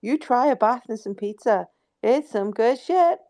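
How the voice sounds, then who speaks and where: A woman with a gravelly, fry-edged voice, calming someone down in a casual chat. She speaks in a soothing, reassuring way and swears freely. The sound is close and dry. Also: fairly high pitch, unhurried, no room sound. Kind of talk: casual live group chat.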